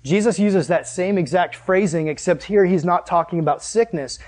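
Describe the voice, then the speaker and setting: At a moderate pace, a high, light-voiced man delivers a relaxed sermon in a conversational style. His storytelling is animated, and he keeps addressing the listeners directly to keep them engaged.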